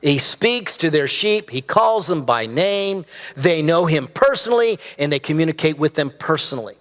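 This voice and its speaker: A man's voice: on the high side, expressive, moderate pace, a bit bright. A man preaching a conversational sermon as pastor, asking the congregation questions and mixing in humor. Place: church sanctuary. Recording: church hall with long reverb.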